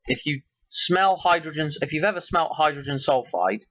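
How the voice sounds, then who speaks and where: A man's voice: fairly high pitch, normal speed, a bit bright, no echo, highs cut off. A man hosting his own video, talking casually and in a rambling way as he links one idea to the next. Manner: musing, loosely connects ideas. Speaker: video host.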